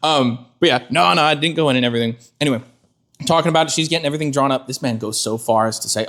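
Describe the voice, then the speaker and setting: A young man co-hosting a casual podcast, an animated storyteller who acts out the people in his stories. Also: medium pitch, very fast. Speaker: podcast co-host. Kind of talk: casual chat.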